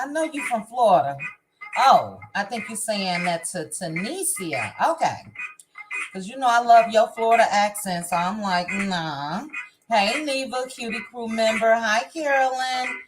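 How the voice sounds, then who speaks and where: Woman livestream host, slightly high voice, slow and easy delivery, music bed underneath. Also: rough recording. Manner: reads viewer comments and greets viewers by name. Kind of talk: casual livestream chat. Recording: music playing behind the voice.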